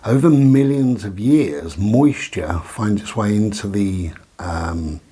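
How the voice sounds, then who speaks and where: Man, low voice, breathy tone, rambling and hesitant, casual home vlog. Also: slow pace, warm tone. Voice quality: rambling, hesitant, full of ums. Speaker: vlogger. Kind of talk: casual reflective monologue. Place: living room of his bungalow.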